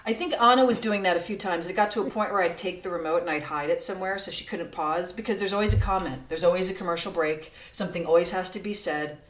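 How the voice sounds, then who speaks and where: A woman's voice: on the low side, fast, hardly any pauses. A woman co-hosting a casual chat, blunt and emphatic, swearing often. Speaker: podcast co-host. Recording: roomy echo.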